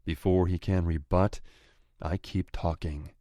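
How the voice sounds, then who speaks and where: Male audiobook narrator, deep, slow, growling, dry close read. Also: fairly even intonation, darkish tone, dry recording. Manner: growling, menacing. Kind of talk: first-person romance audiobook narration.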